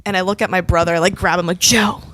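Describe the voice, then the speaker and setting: A woman's voice: fairly low pitch, level tone, rapid-fire. A young woman in her twenties, a podcast co-host, telling a story in casual chat, laughing often and swearing freely.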